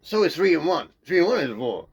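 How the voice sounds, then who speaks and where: An elderly film director lays out his point with firm emphasis, as a man imitates him. The voice sits noticeably higher than his own and carries a lecturing force. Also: sing-song, brisk, breathy edge, full character voice. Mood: emphatic.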